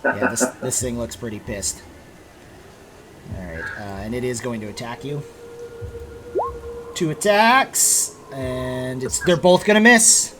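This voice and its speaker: A man's voice: medium pitch, unhurried, pauses often, noisy background. A man running a tabletop game, explaining rules with lots of fillers and restarts. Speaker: game master.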